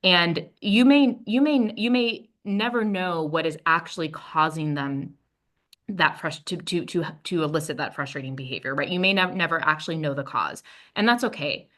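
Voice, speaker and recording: A woman's voice: low-pitched, moderate pace, a bit bright. A woman presenting a training workshop, telling a personal story in a conversational way and acting out what she said to her baby.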